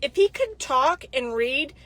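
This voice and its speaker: High-voiced woman ranting exasperatedly. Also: measured pace. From Dallas, Texas. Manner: exasperated, animated ranting with many restarts. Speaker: vlogger. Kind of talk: casual vlog rant.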